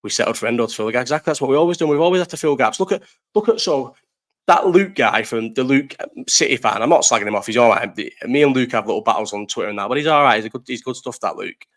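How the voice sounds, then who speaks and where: Young man, live chat host, rapid pace, sweary, animated, rambling rant. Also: medium pitch. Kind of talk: casual football ranting to live chat.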